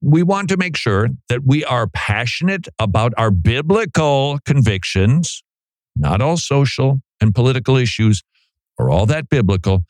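A middle-aged man hosts a Christian talk show, offering an opinion monologue that's conversational and animated, with occasional imitated voices for emphasis. His mid-range voice is expressive and darkish, measured in pace, with no echo.

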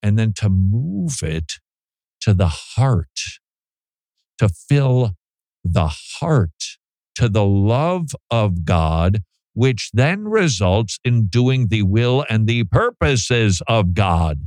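A man's voice: lowish voice, sing-song, drawn-out words, darkish tone, no room sound, clean studio sound. A man hosting a talk radio show, chatting casually with joking, self-deprecating asides.

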